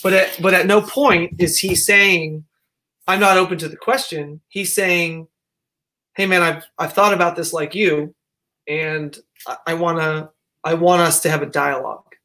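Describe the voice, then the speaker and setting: A man from the United States hosting a casual discussion, talking in a digressive, halting way with many restarts. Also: a little high, fairly even intonation, sharp tone. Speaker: host.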